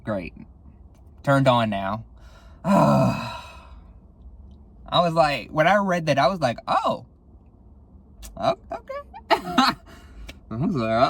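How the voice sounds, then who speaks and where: A young man hosting a solo podcast, speaking candidly and casually, swearing a lot, sighing often and jumping up in pitch for dramatic effect. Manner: candid and profane, with frequent sighs; dramatic, with sudden jumps in pitch. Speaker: podcast host.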